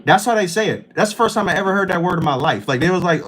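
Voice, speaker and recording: A man hosts a livestream, chatting loosely and profanely as he reacts to his stream chat. His high-pitched, slightly bright voice moves very fast with lively intonation, and the low-quality recording carries a little hiss or hum.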